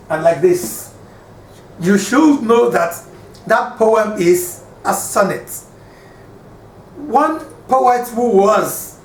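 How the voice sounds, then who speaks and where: A man teaching a lesson on poetry, explaining slowly and counting syllables aloud. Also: high voice. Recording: roomy, distant voice with faint ambient noise.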